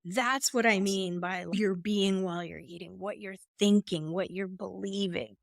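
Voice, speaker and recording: This podcast guest is a woman coach who talks through concepts with expression, sometimes voicing inner thoughts aloud. She speaks at medium pitch in a steady, unhurried way, with some vocal fry, captured cleanly in a studio without room sound.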